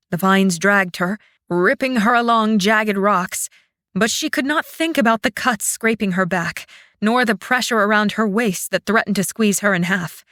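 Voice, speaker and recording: A woman narrating a fantasy audiobook in a dramatic, expressive way. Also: a little high, dry recording, studio quality.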